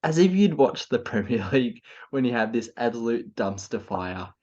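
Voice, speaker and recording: A man's voice: mid-range voice, expressive, normal speed, darkish tone. A tipsy Australian man co-hosting a casual football podcast, gushing with giggly enthusiasm. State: tipsy from beer. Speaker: podcast co-host. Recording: slightly muffled, lo-fi recording.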